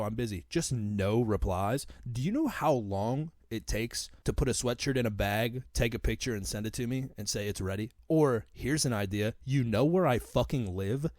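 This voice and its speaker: A young man talks alone into a close mic on his own podcast, swearing freely as he rants. His voice sits low. The sound is dry, with no room echo. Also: darkish tone. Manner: casual, profane and ranting. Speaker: podcast host. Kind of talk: solo podcast monologue.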